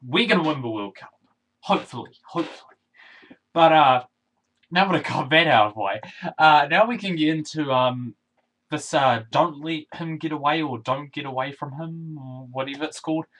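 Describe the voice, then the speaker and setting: A man's voice: on the high side, moderate pace, fairly bright tone, low-quality recording. A young man with a New Zealand accent, rambling through a casual video review with many restarts and fillers. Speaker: YouTube film reviewer.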